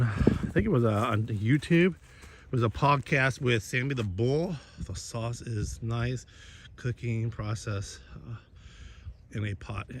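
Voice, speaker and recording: A man's voice: medium pitch, a little hiss or hum. A man chatting casually while he cooks, rambling and cursing, with many restarts. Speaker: vlogger and host.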